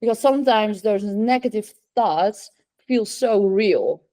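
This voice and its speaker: A woman hosting an interview podcast, enthusiastic and quick to react with "wow" and laughter. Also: medium pitch, warm tone. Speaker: podcast host. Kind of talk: casual interview talk.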